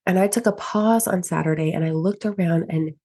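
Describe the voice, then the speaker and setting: A woman's voice: on the low side, fairly quick, warm tone. A woman in her thirties hosting a solo podcast, talking earnestly and emphatically with lots of filler words. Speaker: podcast host.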